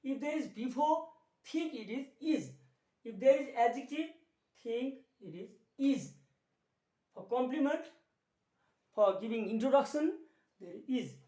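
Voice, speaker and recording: Male grammar teacher, Nepali accent, slow drilling delivery; echoey room, distant mic. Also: very high-pitched, animated, warm tone. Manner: slow, repetitive, drills key words, mixes Nepali explanations into English. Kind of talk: classroom grammar lesson.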